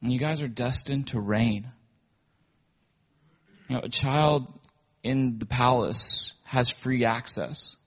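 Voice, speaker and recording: A man's voice: medium pitch, slow pace, long pauses, a bit bright. A man preaching a sermon in a conversational, storytelling way, often emotional. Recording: dull lo-fi recording.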